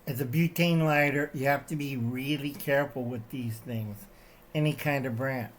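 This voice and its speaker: Medium-pitched and at normal speed over a noisy background, an older channel host rants in a wandering, satirical style. He holds things up to the camera as he talks and keeps ending lines with "okay?"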